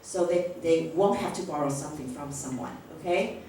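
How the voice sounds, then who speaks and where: Lady teacher trainer acting out classroom english, says okay a lot, far off mic in a boomy room with faint hiss. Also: moderate pace, dark tone. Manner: frequent checking "okay?"; acts out classroom phrases. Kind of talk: workshop lecture to teachers. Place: large echoey classroom. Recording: echoey room recorded from far off.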